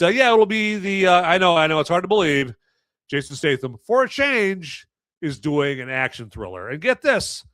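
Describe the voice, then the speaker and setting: A man's voice: mid-range voice, fairly bright tone, dry recording. A man hosting a live movie review podcast, talking in a rambling, sarcastic way with lots of fillers. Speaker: podcast host.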